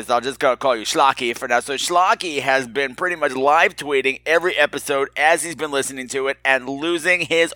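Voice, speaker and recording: A man hosts his podcast in a bright, forceful voice. He is campy, flirty and self-mocking as he riffs and reads listener emails. The recording is dry and close, with no room sound. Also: medium pitch, dry recording. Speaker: podcast host. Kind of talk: casual solo podcast chat.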